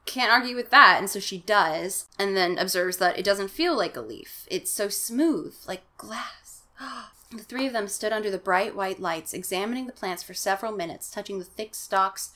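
A woman's voice: mid-range voice, moderate pace, fairly bright tone. A woman hosting a comedic reading of a kids' horror book, mixing narration with sarcastic asides.

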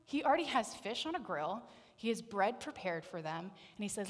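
Woman preaching, jokey and lively, acts out the bible story, big church echo. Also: mid-range voice, moderate pace. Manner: playful, animated storytelling with acted voices. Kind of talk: sermon. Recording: long reverb of a church hall.

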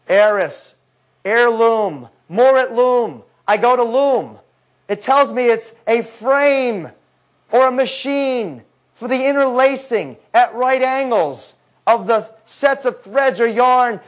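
High-voiced man lecturing, animated storyteller. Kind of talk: lecture talk. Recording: dull lo-fi recording.

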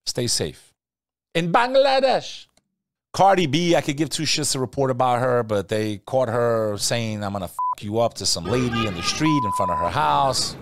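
A man hosting a podcast, talking casually and animatedly, swinging between loud rants and quiet asides. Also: mid-range voice, expressive, moderate pace, hardly any pauses. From Albanian family. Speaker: podcast host. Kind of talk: casual talk-show commentary.

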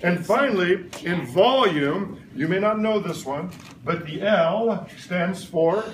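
In an elementary school classroom, a middle-aged male science teacher with a voice high for a man speaks slowly, playfully firing questions at the class and waiting for their answers in call-and-response style. Steady classroom noise hums in the background. The room is echoey and the mic distant.

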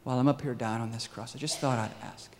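A man doing a quiet, pleading repentant criminal. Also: medium pitch, steady tone, fast, big-room sound, slight background noise, natural voice. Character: humble repentant male criminal on a cross.

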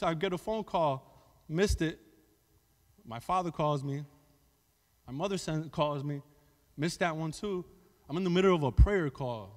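High-voiced pastor preaching in a reverberant hall. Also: male voice. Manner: candid and emotional, swinging from hushed storytelling to emphatic preaching; conversational with repeated restarts. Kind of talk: sermon. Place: church sanctuary. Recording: church hall with long reverb.

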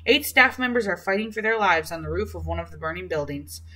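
A woman's voice: on the low side, quick pace, pushed and bright, low-quality recording. A woman voicing a television news reporter with a clipped, urgent delivery in a storybook reading.

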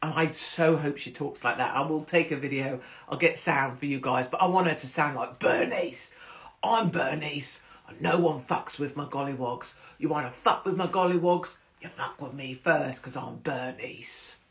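Woman, casual host, rambling chatter, free swearing. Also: low voice. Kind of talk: casual livestream chat.

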